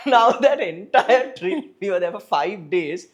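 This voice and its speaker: A man's voice: high-pitched, lively intonation, slow, dull audio. A man from Sri Lanka, hosting an interview podcast, telling stories in a chatty manner and laughing a lot. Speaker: podcast host and English trainer. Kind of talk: casual conversational interview.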